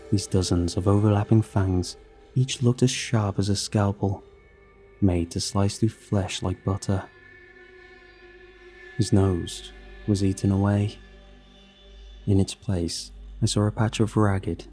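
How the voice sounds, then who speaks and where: A man reading a horror story aloud in a measured, steady narration. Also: lowish voice.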